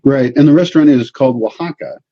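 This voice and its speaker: A man hosting a casual interview, relaxed and friendly with his guest. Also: mid-range voice, fast, dry recording, dull audio. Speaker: host.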